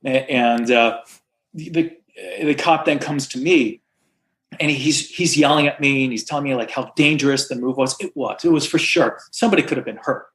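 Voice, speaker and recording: A man telling a story as a podcast guest, rambling and halting, self-deprecating and a little teary. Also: mid-range voice, fairly bright tone. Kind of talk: casual storytelling.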